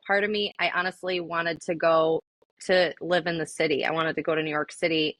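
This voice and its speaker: A young adult woman, an army veteran, tells her story as an interview guest in a casual, chatty way packed with likes and ums. Her voice is lowish with a fairly bright tone, captured on a dry recording.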